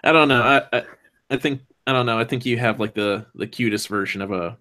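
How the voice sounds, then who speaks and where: Man, casual stream chat, hesitant, lots of ums, mid-pitched voice. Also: brisk, pushed and bright. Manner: hesitant, many ums and restarts.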